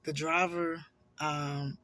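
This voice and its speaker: A hoarse man chattily telling viewers a story from his workday, animated and addressing them as y'all. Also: a little high, takes it slowly. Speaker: vlogger telling a work story. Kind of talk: casual storytime monologue.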